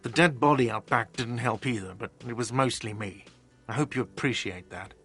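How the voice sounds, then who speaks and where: A man's voice: medium pitch, normal speed, fairly bright tone, faint music behind, close to an everyday voice. An actor playing an irritable, defensive male cafeteria manager in a video game, whiny and sarcastic. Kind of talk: voiced game dialogue.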